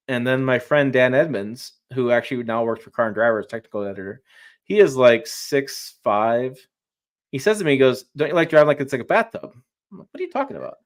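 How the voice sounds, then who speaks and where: A man talking trucks as a journalist guest in a casual live-stream chat, emphatic and rambling, often restarting his sentences. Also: medium pitch.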